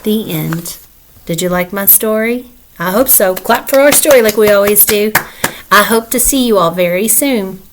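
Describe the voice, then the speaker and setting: A woman reading a picture book aloud to children, slow and expressive, pausing to ask them questions. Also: mid-range voice, a little hiss or hum, poor audio.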